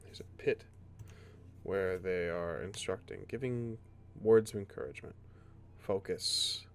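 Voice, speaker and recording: A man narrating a tabletop fantasy game as game master, with measured, formal replies to the players. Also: low-pitched, dark tone, clear, resonant tone.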